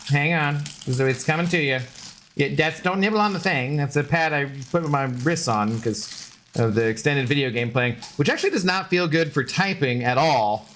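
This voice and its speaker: Bright-voiced rambling male streamer. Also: a little high, moderate pace, slight background noise. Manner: rambling, talks sing-song baby talk to his dog. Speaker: streamer chatting with viewers. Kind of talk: casual live-stream chat.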